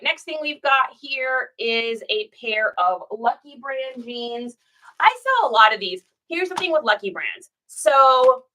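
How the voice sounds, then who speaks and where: A woman's voice: fairly high pitch, pushed and bright, rough recording. A woman reseller chatting casually in a vlog while she packs orders, rambling with lots of fillers and laughing easily.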